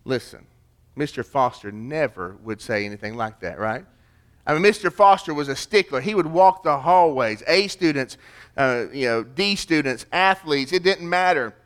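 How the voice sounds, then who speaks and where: A man preaching a sermon, emphatic, swinging between loud declarations and hushed, quiet stretches. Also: a little high, lively intonation, normal speed. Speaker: pastor.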